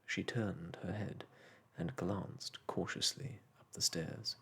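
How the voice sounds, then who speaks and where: A man narrating a children's storybook aloud in a gentle, unhurried bedtime-story manner. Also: sits low, fairly even intonation, creaky, breathy edge, in a whisper.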